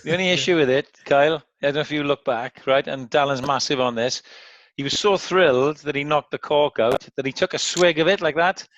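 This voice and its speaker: A man's voice: on the high side, fairly quick, a bit bright, no echo. A man co-hosting a casual chat, bantering and joking with his guests. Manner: jokey, bantering. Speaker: co-host. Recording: dull lo-fi sound, dry.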